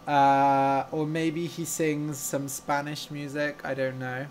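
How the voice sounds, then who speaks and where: Slow, relaxed male language teacher. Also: fairly high pitch, slight background noise. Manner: slow, clear, explains words and asks viewers questions; relaxed and chatty. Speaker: English teacher and storyteller. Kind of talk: interactive live-stream story lesson.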